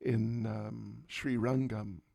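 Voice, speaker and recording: A man, a spiritual teacher, telling a story in a class, animated and wryly humorous. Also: lowish voice, slow pace, vocal fry, no echo, clean studio sound.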